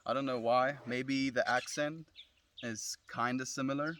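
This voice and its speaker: A man's voice: mid-range voice, unhurried, slight background noise. A young South African man with a South African accent, chatting casually on a live stream outdoors from his phone and answering comments in a friendly, reflective way. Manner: relaxed, friendly, reflective, calls viewers friend. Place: outdoors under a tree in the sun.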